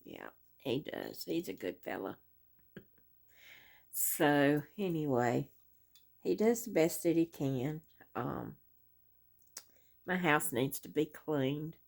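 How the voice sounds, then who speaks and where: A middle-aged woman tells a long story on her crochet vlog, drifting from one point to the next and circling back with "anyway." Her voice sits low and has a gravelly edge. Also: animated, slow pace, long pauses. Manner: rambling storyteller, many "um" and "anyway". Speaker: crochet vlogger. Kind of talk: casual rambling chat.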